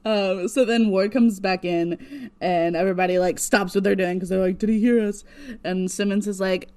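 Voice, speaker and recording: A woman co-hosting a podcast, recapping casually in an animated way that keeps breaking into laughter and acting out characters' lines. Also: medium pitch, normal speed. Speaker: podcast co-host.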